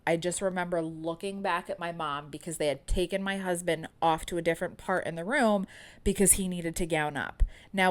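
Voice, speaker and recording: Candid podcast host, woman, 30s, slightly low voice, chatty storytelling delivery. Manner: chatty and candid, many "like" and "um" fillers.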